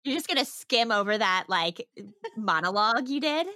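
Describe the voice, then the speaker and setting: A woman co-hosting a podcast in casual chat, jumping in with quick questions and joking asides. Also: a little high, expressive, sharp tone, clear, resonant tone, no room sound, clean studio sound. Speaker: podcast co-host.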